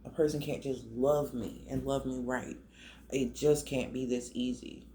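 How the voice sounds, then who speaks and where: A man with a gravelly, mellow voice gives a tarot reading in a loose, emotional, conversational way, often restarting his sentences. A faint hiss of background noise sits under his voice. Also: medium pitch, fairly even intonation, measured pace. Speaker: tarot reader. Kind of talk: casual tarot reading to camera.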